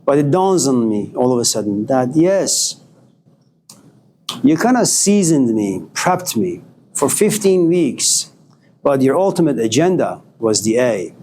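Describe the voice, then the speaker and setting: A man's voice: medium pitch, measured pace, a little hiss or hum. A male philosophy professor giving a classroom lecture, telling stories and acting out talks with students. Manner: animated storytelling, acting out dialogues with students.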